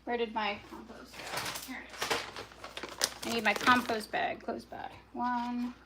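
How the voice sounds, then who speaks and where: A woman narrates her own cooking in her home kitchen during a relaxed livestream, her fairly high voice barely moving in pitch as she talks at a measured pace. She mutters to herself and has outbursts of yelling at her dog, all captured in very noisy audio.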